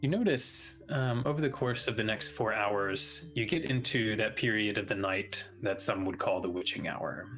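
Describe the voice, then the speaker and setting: A man running a tabletop game as game master, pausing to check rules and then narrating a night scene slowly and atmospherically. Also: lowish voice, a bit bright, faint music behind, rough recording.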